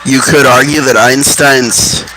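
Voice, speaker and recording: A man's voice: medium pitch, steady tone, measured pace, pushed and bright, rough recording. A man casually telling rambling stories and musing aloud, offhand and profane. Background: music.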